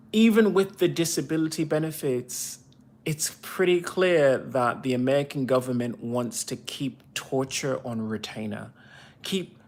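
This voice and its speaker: A man talking on a livestream, rambling bitterly and swearing often while answering viewers' comments. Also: medium pitch. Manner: rambling, bitter and profane ranting. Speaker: veteran livestreamer. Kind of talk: casual livestream monologue.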